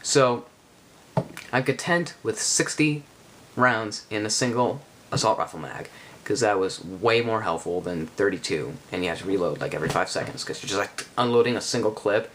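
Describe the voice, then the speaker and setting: A man giving a casual spoken game review, rambling and halting with many restarts. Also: lowish voice, a bit bright, slight background noise.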